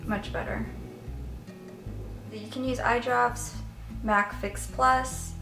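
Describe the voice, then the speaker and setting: A woman's voice: fairly high pitch, fairly even intonation, slow, vocal fry, echoey room, loud music behind the voice. A woman vlogger giving a candid makeup review and demo in a chatty, step-by-step way. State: voice cracking slightly. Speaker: beauty vlogger.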